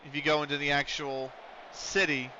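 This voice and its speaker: A slightly high male voice with little pitch movement moves at a moderate pace and has a sharp edge, against slight background noise. Living in the US, he live-streams a football management game, chatting idly between calls of the play, in dull lo-fi stream quality.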